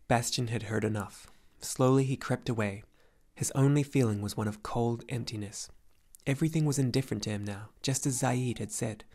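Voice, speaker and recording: A man reading a fantasy novel aloud as an audiobook narrator, in an even, measured way. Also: mid-range voice. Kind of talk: scripted narration.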